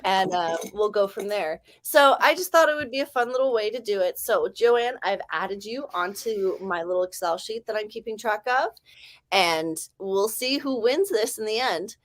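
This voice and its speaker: A woman's voice: mid-range voice, animated, moderate pace. A woman in her forties with an Ohio accent and a slight lisp, hosting a casual writing-sprint stream in a chatty, rambling, self-deprecating way. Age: 40s. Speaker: livestream host.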